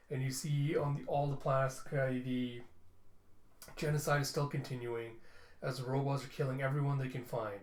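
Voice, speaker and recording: A man's voice: medium pitch, level tone. Man rambling through a comic readthrough. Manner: rambling, quick asides with fillers. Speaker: comic reviewer. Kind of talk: casual comic readthrough narration. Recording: roomy echo.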